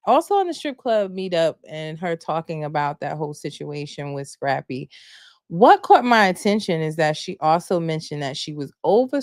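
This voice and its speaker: Woman with spilling reality tv tea on her live show, lowish voice, dry close sound. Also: no echo. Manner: animated, gossipy, rhetorical questions. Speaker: podcast host. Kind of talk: casual live recap chat.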